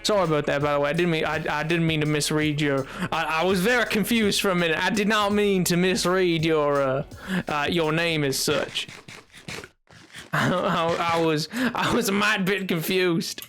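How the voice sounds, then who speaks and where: A male streamer with a notably high voice talks loosely to his chat while playing, his sentences looping back and restarting as he goes. Quiet music plays faintly underneath him. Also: steady tone, moderate pace. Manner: rambling, often restarts and reads chat aloud. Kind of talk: casual live-stream chat while gaming.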